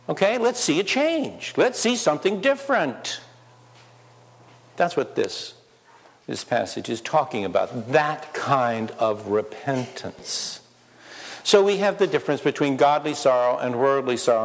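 A man preaching with passion, his somewhat high voice carrying through a church with a long, ringing reverb. He presses the congregation with rhetorical questions, rising to urgent calls and then dropping to soft asides. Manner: impassioned, rhetorical questions, swings between loud and soft. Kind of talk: sermon.

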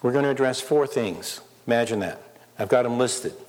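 A man preaching a sermon, firing off rhetorical questions and swinging between loud urgency and quiet asides. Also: medium pitch, normal speed. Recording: long hall reverb.

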